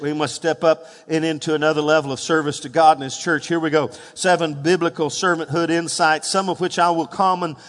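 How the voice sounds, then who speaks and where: High-pitched guy preaching a sermon, gets loud and emphatic, hall echo behind him. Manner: rises to loud emphatic peaks, calls for congregation responses. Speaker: pastor. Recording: hall reverb.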